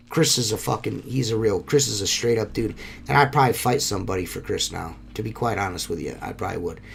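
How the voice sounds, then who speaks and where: A man's voice: lowish voice, gravelly, slight background noise. A man hosting a solo podcast, talking in a rambling, heartfelt way and swearing often. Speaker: podcast host.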